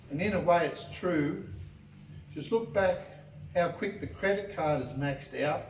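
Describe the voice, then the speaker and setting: A man reading his own rhyming poems at an open mic, wry and joking about his lines. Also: on the high side. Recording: echoey room, mic far off, faint noise.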